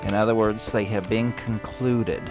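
A man voicing a stern male boss who dictates office instructions in a formal, measured way. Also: fairly low pitch, steady tone, lo-fi sound, music in the background, voice pushed down, natural voice. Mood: dictating.

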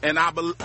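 A man in a filmed street confrontation, preaching at a stranger in a mocking way and laughing between rebukes. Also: on the high side.

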